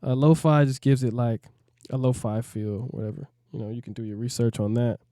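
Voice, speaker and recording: A man's voice: medium pitch, steady tone, fairly quick, mellow, no room sound, studio quality. A man, a music producer, walking through a plugin in a laid-back, rambling way, often asking "you know what I mean". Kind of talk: casual tutorial walkthrough.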